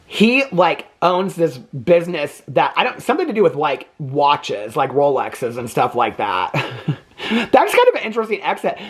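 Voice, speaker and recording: A man's voice: fairly high pitch, fairly bright tone. A man in his fifties giving a casual, rambling movie review, chatty and full of digressions. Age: 50s. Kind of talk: casual chat.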